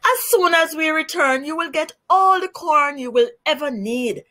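A woman voicing the sly male spider trickster Anansi in a storybook reading, smooth and persuasive. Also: high-pitched, moderate pace, pushed and bright, voice pushed up. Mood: coaxing.

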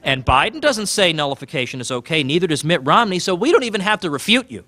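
A man giving a public talk about his book, animated and sardonic, pressing his points with emphasis. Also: on the high side, fast talker, dry recording. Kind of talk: public speech.

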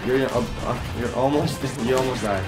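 A man's voice: medium pitch, normal speed. A young man casually joking while playing a video game, breaking into snatches of song. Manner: joking, sings snatches of songs. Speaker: gameplay commentator. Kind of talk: casual gameplay chat. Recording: game music loud behind.

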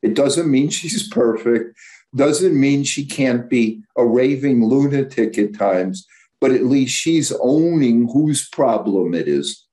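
A man's voice: medium pitch, expressive, slow, dark tone. A man who is a psychologist, giving a candid, blunt informal lecture with frequent stumbles and self-corrections. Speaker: psychologist and guest speaker.

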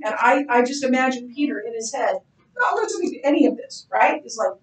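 A woman leads a church Bible class in an earnest, conversational manner, reading scripture aloud and thinking aloud with restarts. Her voice sits a little high. The room sounds roomy, and she stands some way off the mic. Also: lively intonation, moderate pace, distant mic.

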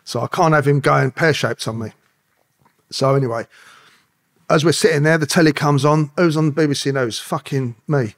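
A middle-aged former police officer, guesting on a podcast, tells anecdotes while swearing constantly and acting out the dialogue. His voice is a little high and creaky, at a normal speed.

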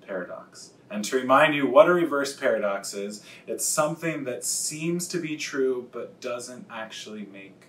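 A man, a pastor, preaching a sermon in an earnest, confessional way and slowing down to stress key words. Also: a bit bright. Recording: echoey room, distant mic, faint rumble.

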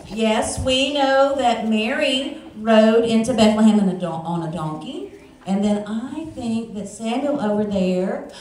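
A woman's voice: high-pitched, darkish tone. A woman leading a children's message in church, coaxing the kids to open presents and joining them in a short prayer. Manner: friendly, coaxing, talking to children. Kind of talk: children's sermon with props. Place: church sanctuary. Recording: echoey church sanctuary from far off.

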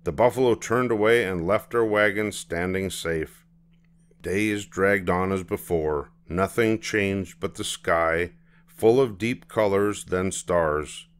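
An older man reading a children's picture book aloud, telling the story in an unhurried, measured way. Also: sits low, smooth.

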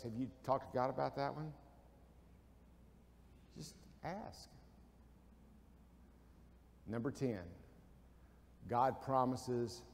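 A man's voice: mid-range voice, long reverb tail. A man preaching a folksy sermon in a church, asking his listeners questions and answering them himself. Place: church sanctuary.

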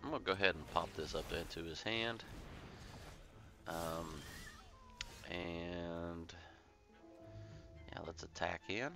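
A man's voice: low voice, fairly even intonation, slow, long pauses. A man casually commentating his card game with joking, rambling asides. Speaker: gameplay commentator. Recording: game music playing behind.

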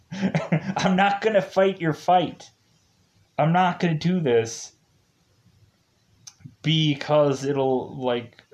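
A man's voice: mid-range voice, natural voice. A man voicing a grumpy alien male commander, exaggerated, whiny and petulant.

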